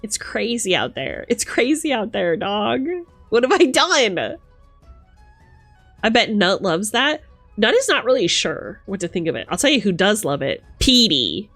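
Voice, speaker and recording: A young woman streamer chatting casually with her viewers, animated, laughing and swearing freely. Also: mid-range voice, unhurried, faint music behind. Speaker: livestreamer.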